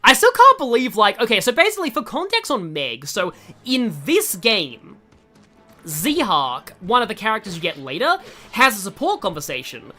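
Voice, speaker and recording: Young streamer rambling over gameplay, super bright voice, bouncy up-and-down delivery. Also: mid-range voice, very animated, moderate pace, faint music behind. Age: young adult. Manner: rambling, chatty, self-interrupting. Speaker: gaming streamer. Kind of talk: casual gameplay commentary.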